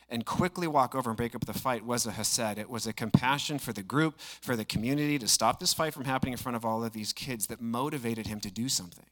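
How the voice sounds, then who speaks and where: A young man preaching a sermon as a pastor, conversational but rising suddenly in pitch and volume for emphasis. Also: fairly bright tone.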